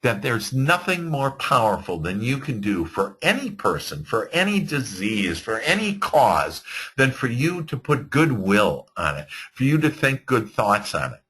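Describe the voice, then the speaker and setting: A man giving an earnest motivational talk to entrepreneurs, animated, with frequent fillers and restarts. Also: medium pitch, a little slow, slightly rough. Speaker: motivational speaker. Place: virtual webinar.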